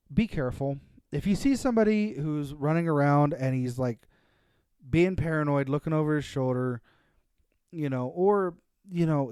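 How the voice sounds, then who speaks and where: A podcast co-host from Pennsylvania chats casually, rambling with many fillers and restarts. His fairly high voice is mellow, clear and resonant, captured cleanly in a studio with no room sound.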